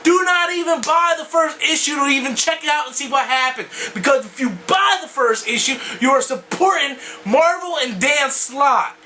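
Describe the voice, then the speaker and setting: Very high-voiced man in a furious rant. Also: normal speed, few pauses, a little hiss or hum, rough recording. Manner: furious, profane, bursts into shouting. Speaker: comic book vlogger. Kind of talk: angry video rant.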